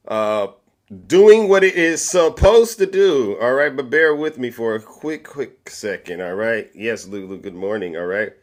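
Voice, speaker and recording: A man's voice: mid-range voice, lively intonation, measured pace. A man hosting a political commentary livestream, boastful and showy, with catchphrases. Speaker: livestream host.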